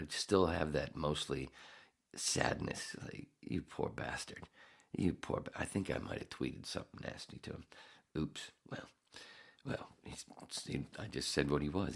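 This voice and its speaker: Gravelly deep-voiced man ranting. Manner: profane ranting, rambling. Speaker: podcast host. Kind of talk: casual monologue.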